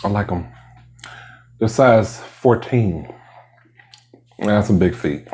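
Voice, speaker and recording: A man's voice: on the low side, slow pace, darkish tone, slight background noise. A man vlogging while he eats, chatting casually and rambling between bites. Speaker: mukbang vlogger. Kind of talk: casual chat while eating.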